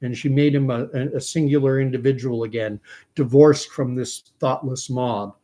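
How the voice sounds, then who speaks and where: A man's voice: mid-range voice, steady tone, normal speed, warm tone. A man from Canada, host of his own commentary show, retelling a film scene in a reflective way.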